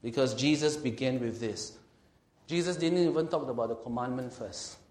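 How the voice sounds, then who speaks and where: Man preaching a sermon, mid-pitched voice, emphatic, roomy echo. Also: darkish tone. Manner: emphatic preaching, slows and swells on scripture, asks the room questions. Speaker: pastor.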